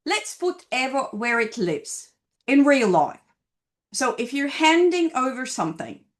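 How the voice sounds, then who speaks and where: Lively high-voiced woman teaching slowly. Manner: lively, demonstrative, stresses example phrases. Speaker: language teacher. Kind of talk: scripted video lesson.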